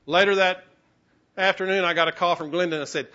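Man, pastor, sermon storytelling, bright tone, muffled recording. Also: high voice, steady tone, a little fast. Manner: storytelling with self-mocking humor and quoted voices.

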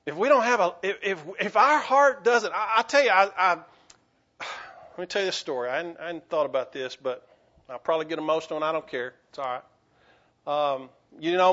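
Earnest pastor preaching, muffled lo-fi sound. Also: male voice. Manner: earnest, frequent stammered restarts; swings between rising urgency and quiet, halting lows. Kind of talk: sermon.

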